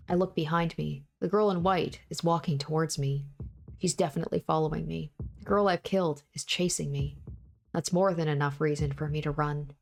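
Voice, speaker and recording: A woman reading a visual novel aloud in the first person, with an intense delivery that acts out panting breaths and repeated desperate cries. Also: low voice. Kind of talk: dramatic first-person story reading with asides.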